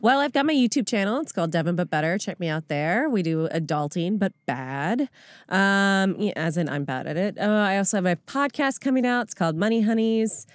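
Lively cursing woman guest on a podcast, pitch all over the place, dry sound. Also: a little fast, dry recording. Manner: animated, profane, bantering. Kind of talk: casual chat.

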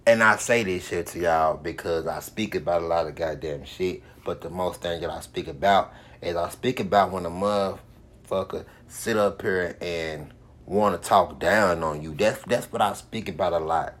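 Low-ish voiced guy cursing nonstop, podcast rant about haters. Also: steady tone, moderate pace, fairly bright tone. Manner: heavy swearing, repetitive and emphatic. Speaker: podcast host. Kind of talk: profane motivational monologue.

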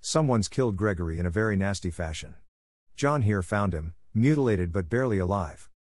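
A man reading the lines of a calm woman who runs a gallery and explains things in a measured way. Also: lowish voice, dry recording, clean studio sound.

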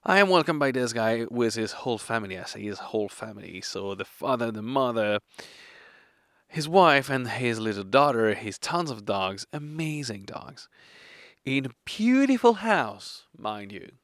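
Tipsy hiker man with a gravelly voice. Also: mid-range voice, sing-song, normal speed, a bit bright, no echo, studio quality. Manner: hesitant, rambling, laughs often. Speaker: solo hiker vlogger. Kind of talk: casual storytelling to camera. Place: campsite outdoors.

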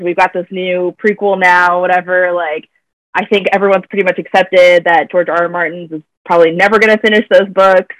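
A woman's voice: mid-range voice, no echo, rough recording. A woman from the American South chatting casually about a film on a podcast, laughing often and rambling. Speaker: podcast co-host.

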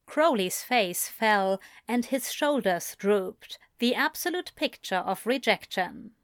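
A woman reading fan fiction aloud in a soft, unhurried storytelling manner. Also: medium pitch, expressive, no room sound, clean studio sound. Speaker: reader.

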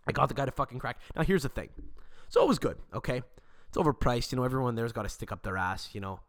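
A man's voice: mid-range voice, very animated, quick pace. A man, hosting a podcast and telling a rambling, profane story in casual chat. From Montreal, Canada. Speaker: podcast host.

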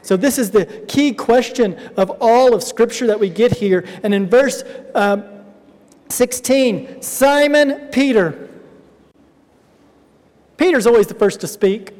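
A man's voice: extremely high pitch, slow, long pauses, a little mellow. A male pastor preaching a sermon in a church, explaining emphatically and speaking directly to the congregation. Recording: reverberant hall.

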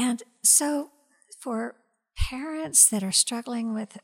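Woman, ministry director, slow unhurried speech, gravelly edge, earnest faith testimony, hesitant fillers. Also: a little high. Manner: slow and earnest, with many hesitant fillers and soft, breathy stretches. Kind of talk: reflective faith testimony in an interview.

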